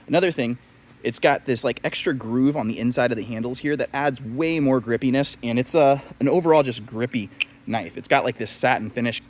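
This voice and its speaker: A man's voice: mid-range voice, brisk, a little hiss or hum. A young man chatting casually in a video review, rambling with lots of fillers and self-deprecating asides. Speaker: knife reviewer.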